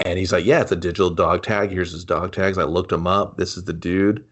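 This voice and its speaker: A man co-hosting a casual movie review podcast, joking and acting out scenes in quick put-on voices. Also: low voice, steady tone, fairly bright tone. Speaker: podcast co-host.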